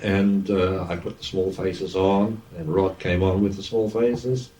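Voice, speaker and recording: A man's voice: low voice, unhurried. Older Australian man telling stories, distant. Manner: lively raconteur, acts out quoted speech. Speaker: former radio DJ, interviewee. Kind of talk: anecdotal storytelling interview. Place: event venue. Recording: dull, distant lo-fi recording.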